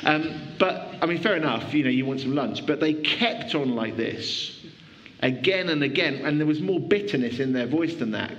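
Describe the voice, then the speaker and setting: A man preaching a sermon in a church, conversational and animated, often restarting his sentences. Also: a little high, normal speed, dull audio.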